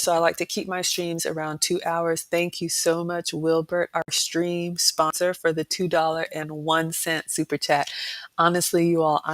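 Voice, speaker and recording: A middle-aged woman hosts a cooking channel livestream, chatting casually in a lowish voice and repeating words for emphasis. The recording is dry.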